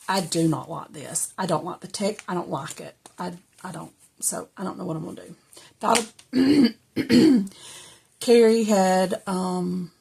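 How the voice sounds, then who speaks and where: Slow, gravelly woman journaling. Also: on the low side, a little hiss or hum. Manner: rambling, soft-spoken, drifts into whispers. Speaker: journaling vlogger. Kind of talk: casual journal-with-me chat.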